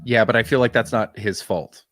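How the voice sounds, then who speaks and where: A man's voice: on the low side, normal speed, a bit bright, no echo, studio quality. A man co-hosting a comedy podcast, casual and blunt, teasing and often laughing. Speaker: podcast co-host.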